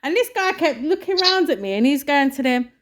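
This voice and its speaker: A woman chats on a podcast. Her voice sits a little high, and her pitch swings widely as she tells her story and acts out what people shouted and said. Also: animated, fairly quick. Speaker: podcast co-host. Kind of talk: casual chat.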